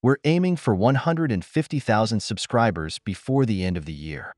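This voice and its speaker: A man with a lowish voice narrates scripted commentary as the channel host. His delivery is blunt and opinionated, with lively swings in pitch. The sound is very dry and close. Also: normal speed, no echo.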